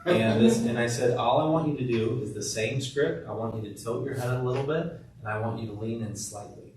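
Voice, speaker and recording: A man coaching a room on handling patient objections, his delivery calm and empathetic as he models the words to use. He sits at the usual pitch for a man, and his voice is heard from a distance in a very echoey room, with a faint hiss underneath. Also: brisk, a crowd in the background. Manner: demonstrates scripted patient talk, soft empathetic tone. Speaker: sales trainer. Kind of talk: sales training session.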